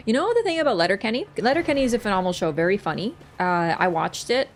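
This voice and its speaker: Lively chatty young streamer woman. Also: medium pitch, fast, a little hiss or hum. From Canada. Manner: chatty, rambling, with frequent fillers. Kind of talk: casual livestream chat.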